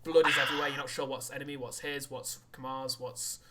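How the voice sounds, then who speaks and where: A man's voice: mid-range voice, level tone, fairly quick, background noise. A man narrating combat as game master, often hesitating with uh and restarts.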